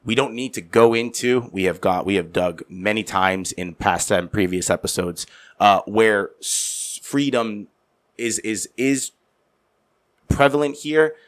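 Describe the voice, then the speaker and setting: Excitable man, casual podcast chat. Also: fairly low pitch, measured pace. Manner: rambling, excitable, swears freely. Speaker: podcast co-host.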